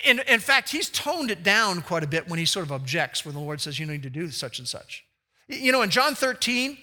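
A man preaching a sermon, lively and animated, acting out quoted voices with sudden jumps in pitch. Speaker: pastor. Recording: long reverb of a large hall.

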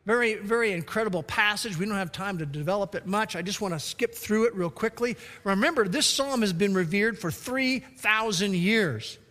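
A high-voiced man preaches from the pulpit, moving from a gentle story into emphatic reading of scripture. His voice rings out with a long reverb in a large church hall. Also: normal speed, few pauses. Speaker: pastor. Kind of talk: sermon.

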